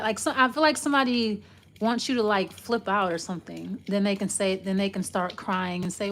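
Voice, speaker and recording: A woman's voice: medium pitch, fairly quick, fairly bright tone, a little hiss or hum. A woman giving a casual, loose tarot reading, rambling and trailing off as she talks it through. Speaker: tarot reader.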